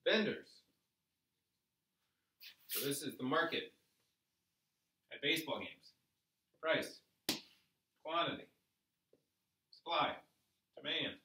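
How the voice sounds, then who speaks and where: A man teaching an economics lesson, explaining step by step with rhetorical questions and lively emphasis. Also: a little high, slow, long pauses, reverberant, distant mic, a little hiss or hum, low-quality recording. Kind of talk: economics lecture while drawing graphs.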